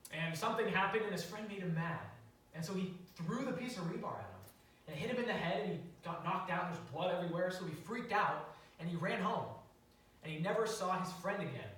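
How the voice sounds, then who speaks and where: A man's voice: high-pitched, lively intonation, fairly quick, fairly bright tone. A young man preaching a sermon in a church, telling a story in a casual way with fillers and restarts. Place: church sanctuary. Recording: very echoey hall, mic far off.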